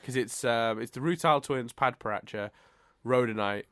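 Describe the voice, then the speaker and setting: A man's voice: medium pitch, normal speed, a bit bright, dry recording. Rambling man on a podcast, dry sound. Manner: rambling, many restarts, laughs often. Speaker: podcast co-host. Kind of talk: casual chat.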